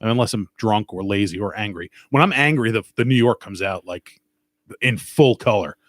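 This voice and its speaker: A man's voice: lowish voice, moderate pace, fairly bright tone, dry recording, clean studio sound. A man with a Long Island accent and a stuffed-up nose, rambling and cursing in casual podcast chat. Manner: rambling, profane and joking. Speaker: podcast host.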